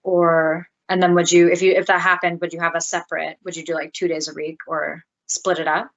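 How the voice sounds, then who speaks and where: A woman with a fairly low voice hosts a podcast in casual conversation. She rambles through her questions, giggles often and is effusive. The sound is dull and muffled. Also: flat delivery, a little fast. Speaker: podcast host. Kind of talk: casual interview chat.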